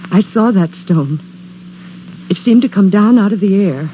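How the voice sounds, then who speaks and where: A woman's voice: mid-range voice, expressive, unhurried, close to an everyday voice. An actress playing a brooding, superstitious young woman in a 1940s radio drama, speaking in an intense, foreboding way. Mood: brooding dread. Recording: dull, hissy old radio broadcast.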